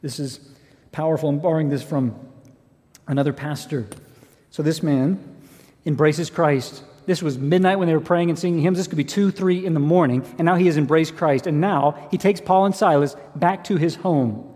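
A man's voice: a little high, moderate pace, a little mellow. A man preaching a sermon as pastor, earnest and emphatic, asking rhetorical questions. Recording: long hall reverb.

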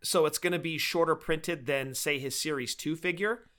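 A man's voice: fairly high pitch, moderate pace, fairly bright tone. A man co-hosting a podcast, chatting casually and with enthusiasm about collectible figures. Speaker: podcast co-host. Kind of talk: casual chat.

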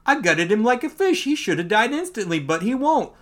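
A man reading out a gruff male soldier from a comic, in clipped, keyed-up military talk, a bit higher than his usual voice. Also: big pitch swings, fairly quick, a bit bright. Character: gruff male soldier bragging about a kill.

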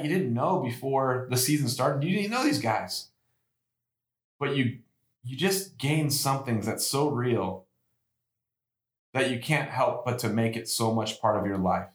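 A middle-aged man who hosts a podcast and coaches youth football, telling his own story in an earnest, emotional way, with many restarts and rising bursts of emphasis. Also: mid-range voice. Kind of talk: personal storytelling monologue. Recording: echoey room.

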